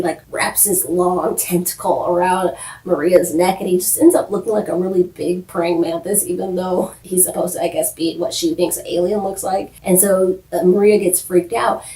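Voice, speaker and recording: A woman's voice: on the low side, warm tone, roomy sound, recorded from a distance, poor audio. A woman in her thirties casually recapping a TV episode, chatty and full of "like", sometimes acting out the characters' lines. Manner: chatty, lots of "like", quotes characters in acted asides. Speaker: TV recap vlogger.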